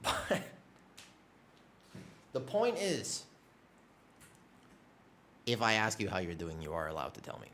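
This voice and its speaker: Male streamer, young adult, animated pitch, rambling casual chat, swears freely. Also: slow, long pauses, a little hiss or hum.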